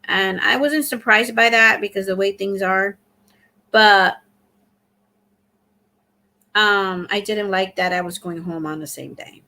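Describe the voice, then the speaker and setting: A woman's voice: medium pitch, takes it slowly, pauses often, pushed and bright. A middle-aged woman hosting a casual live stream, chatting and thanking viewers as she reads their comments aloud. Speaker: livestream host.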